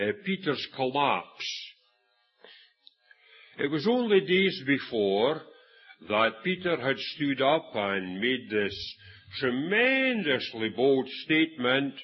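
A man's voice: mid-range voice, big pitch swings, slow pace, husky, dull audio. A Scottish man preaching a sermon, telling a Bible story and acting out the quoted voices, with frequent restarts. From Scotland.

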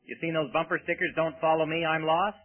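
A man's voice: on the high side, level tone, brisk, narrow, tinny audio. A man preaching a sermon with emphasis, often asking his listeners rhetorical questions.

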